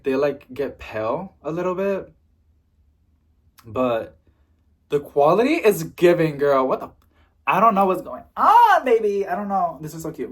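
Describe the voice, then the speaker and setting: A man's voice: a little high, a little mellow. A young man chatting in a casual unboxing vlog, bubbly and gushing. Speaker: plant vlogger.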